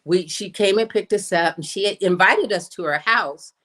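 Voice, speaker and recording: A woman minister giving an inspirational sermon as a personal story, slowing down to stress her points. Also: fairly bright tone. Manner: storytelling, acts out quoted voices with big pitch jumps; slows down for emphasis. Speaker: guest minister. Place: streamed in from home or studio.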